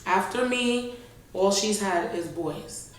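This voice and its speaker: A young woman, telling an animated, slangy storytime vlog straight to her viewers. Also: medium pitch, takes it slowly. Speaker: vlogger. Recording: very echoey room.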